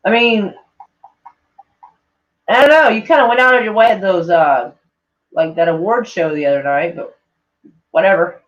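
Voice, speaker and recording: A woman's voice: medium pitch, normal speed, pauses often, muffled recording. A woman live-streaming in a casual chat, reading tweets aloud to her viewers, swearing freely and laughing often.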